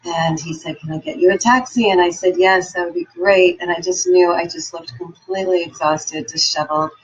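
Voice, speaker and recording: A woman's voice: on the low side, fairly even intonation, fairly quick, lo-fi sound, a little hiss or hum. A woman giving an upbeat, encouraging motivational talk and telling personal stories. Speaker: motivational speaker.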